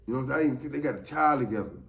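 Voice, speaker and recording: A man telling a story from his time in jail, animated and emphatic, often asking "you know what I'm saying". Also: medium pitch, very fast, gravelly, reverberant. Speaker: storyteller, former inmate. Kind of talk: casual spoken storytelling.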